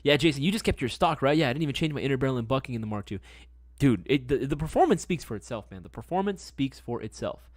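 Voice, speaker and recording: A man's voice: medium pitch, lively intonation, quick pace, no room sound. A young man chatting casually on a live stream, loose and slangy, always checking in with "right?". His voice sits in a middle range. The sound is dry and close, with no room around it. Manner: laid-back, slangy, lots of "right?" and "man". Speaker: livestream host.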